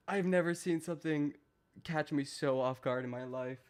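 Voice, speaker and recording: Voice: mid-range voice, moderate pace, darkish tone. A live streamer reading a document aloud to their chat, adding casual self-deprecating asides.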